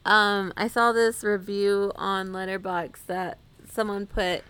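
A woman's voice: mid-range voice, little pitch movement, slow, a bit bright, clean tone, dry recording. A woman co-hosting a casual film chat, chatty and laughing often.

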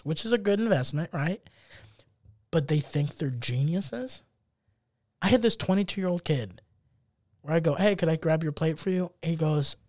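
A man's voice: a little high, a little mellow, no echo, clean studio sound. A young man co-hosting a podcast, telling stories in a casual chat and acting out the people he quotes. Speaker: podcast co-host.

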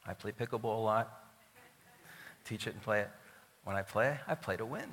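A man, the pastor, preaching a sermon in an emphatic style, swinging from loud declarations to quiet asides, in a church sanctuary, recorded with long hall reverb. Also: lowish voice, moderate pace.

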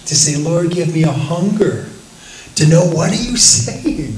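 A man leading a Bible study, teaching in a lively way, laughing often and acting out the voices he quotes. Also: a little high, measured pace, reverberant, a little hiss or hum, poor audio.

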